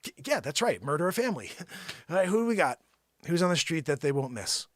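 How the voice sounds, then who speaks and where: A man hosting a show, riffing through an improvised comedy monologue, swinging between loud bursts and low mutters. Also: a little fast, no room sound, studio quality. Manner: animated, jumps between shouting and muttering. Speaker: host.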